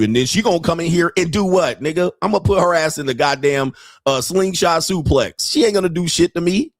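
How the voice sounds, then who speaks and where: A man's voice: on the high side, fairly quick, no room sound, clean studio sound. A man in his fifties, a show host doing a profane, mocking comedic rant and laughing at his own jokes. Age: 50s. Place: home studio.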